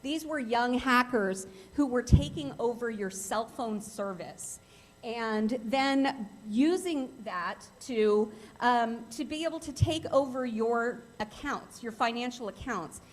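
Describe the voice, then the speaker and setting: A woman's voice: on the high side, slow. A middle-aged woman giving an earnest, emphatic talk to a club as a guest speaker on cybercrime, often repeating phrases for stress.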